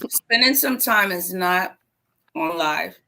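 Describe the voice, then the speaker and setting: A woman's voice: on the low side, animated, slow, creaky, bright, forceful tone, low-quality recording. A woman guest in a casual live chat, defending herself with a laugh.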